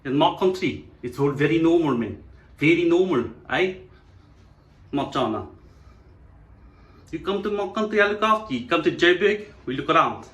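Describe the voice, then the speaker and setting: A man's voice: fairly high pitch, lively intonation, normal speed, pauses often, a bit bright, roomy sound, lo-fi sound, voice pushed up. A man voicing a boastful South African man with a hearty, swaggering manner.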